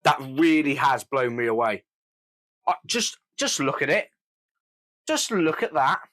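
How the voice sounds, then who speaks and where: Man, casual review host, enthusiastic, slightly higher voice. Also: sing-song, unhurried, a bit bright. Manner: enthusiastic, gushing. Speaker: beer reviewer.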